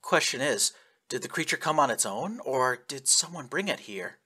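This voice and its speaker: An earnest young space adventurer, urgent and direct, as a male narrator reads him. The voice is bright and a bit husky, and the pitch moves a lot. It is an audiobook voice. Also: expressive, moderate pace.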